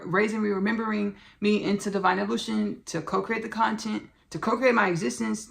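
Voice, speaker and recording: A woman's voice: medium pitch, vocal fry. A woman hosting a podcast in casual spiritual talk, effusive and rambling, repeating herself and calling listeners "baby" and "y'all". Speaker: podcast host.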